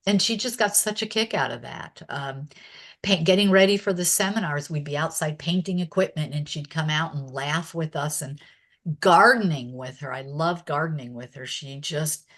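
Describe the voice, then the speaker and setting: Female interview guest, slightly low pitch, relaxed anecdotal delivery with frequent laughter. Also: normal speed. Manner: chatty, laughs often while recalling stories. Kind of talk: casual reminiscing in an interview.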